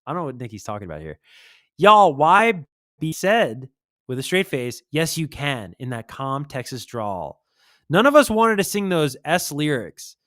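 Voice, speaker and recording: Young man, livestream host, wry, lively, dry mic. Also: a little high, moderate pace, dry recording. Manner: animated, reads posts aloud with wry asides. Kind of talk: casual livestream commentary.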